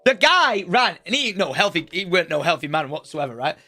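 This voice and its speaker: A young man spins a school story for his stream, his voice high and swinging widely in pitch. He swears casually and bursts into shouted impressions of the people in the story. The sound is bright and dry, close on the microphone. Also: quick pace, no echo. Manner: swearing, lively, acts out the teacher's shouting. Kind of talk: animated storytelling on a live stream. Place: home streaming room.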